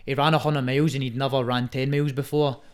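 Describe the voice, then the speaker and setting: Speaking quickly and smoothly, a young Scottish Muay Thai fighter guests on a relaxed podcast, earnest, sweary, and fond of saying "mate." His medium-pitched voice barely moves in pitch.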